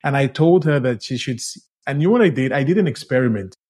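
A man co-hosting a podcast in casual chat, telling stories in a teasing, animated way. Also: medium pitch, quick pace, breathy edge. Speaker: podcast co-host.

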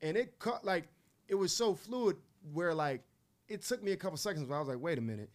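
A man co-hosting a morning radio show, telling a story in a casual, animated way and acting out the voices of the people in it. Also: high-pitched, a little fast.

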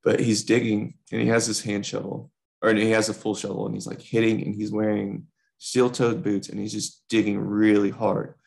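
A man's voice: lowish voice, level tone, moderate pace, creaky, darkish tone. A young man co-hosting a podcast, casually telling a rambling workplace story with lots of fillers. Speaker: podcast co-host.

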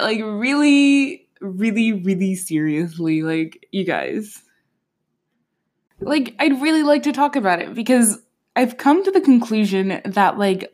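A woman in her twenties hosting a podcast on her own, chatting casually in a playful, slangy way with plenty of fillers and laughs. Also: medium pitch. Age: 20s. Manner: chatty and expressive, laughs often. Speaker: podcast host. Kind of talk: casual solo chat.

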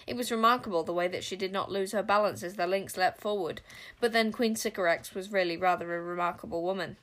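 A woman narrating a storybook with an expressive, dramatic delivery. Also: mid-range voice, fast talker. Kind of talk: storybook reading.

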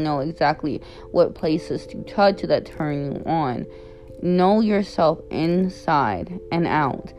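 A woman's voice: sits low, darkish tone. A young woman giving candid, blunt advice in a casual chat, with frequent fillers.

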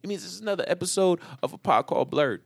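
A man from New York hosting a podcast, telling animated, profane stories in casual banter. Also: sits high, rapid-fire, gravelly, no room sound, studio quality. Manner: animated, profane storytelling with shifting energy. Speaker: podcast host.

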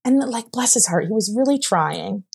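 A woman's voice: mid-range voice, animated, moderate pace, vocal fry, breathy edge. A young woman telling a personal story as a podcast guest. She rambles emotionally, with many fillers, and sounds close to tears at times.

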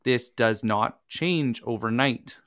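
A man co-presents a casual workshop in a voice of middle pitch. He explains calmly and steadily, with some restarts. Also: slow pace.

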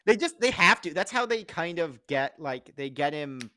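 A man's voice: on the high side, normal speed, a little hiss or hum. A man co-hosting a podcast, chatting casually and jokily, acting out quoted lines as he recaps a TV episode. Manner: animated, jokey, acts out quoted lines. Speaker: podcast co-host.

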